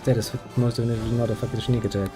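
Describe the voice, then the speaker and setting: A man's voice: mid-range voice, little pitch movement, rapid-fire, over music. A man giving sarcastic, muttered commentary while playing a game, swearing freely. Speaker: gameplay commentator. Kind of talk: casual gameplay commentary.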